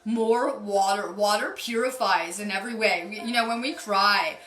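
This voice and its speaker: A woman's voice: mid-range voice, normal speed, reverberant. A woman doing a casual card reading on a live stream as a spiritual healer, chatty and upbeat, greeting viewers by name.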